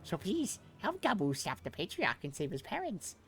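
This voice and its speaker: A man reads game dialogue aloud in a high, exaggerated, fairly bright voice with huge pitch swings at a moderate pace. He's voicing a timid, pleading little male kobold, using an odd put-on accent and repeating words.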